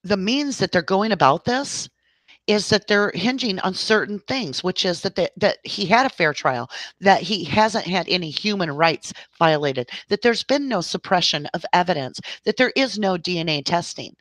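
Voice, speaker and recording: A woman's voice: fairly low pitch, expressive, normal speed, a bit bright, no room sound. A woman hosting a livestream, ranting at length in an exasperated voice and talking straight to her viewers. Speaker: livestream host.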